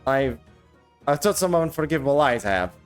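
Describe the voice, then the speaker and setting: Game read: man voicing a defiant cockney young woman, blunt, raised pitch, lively delivery. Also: normal speed, faint music behind. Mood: scornful. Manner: broad dialect, blunt and dismissive.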